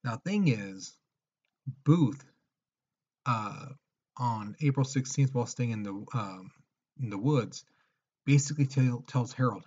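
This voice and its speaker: A man's voice: mid-range voice, animated, measured pace, pauses often, darkish tone, slightly rough. A man teaching history in a casual lecture, retelling events with acted-out quotes and frequent check-ins. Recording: dull lo-fi recording.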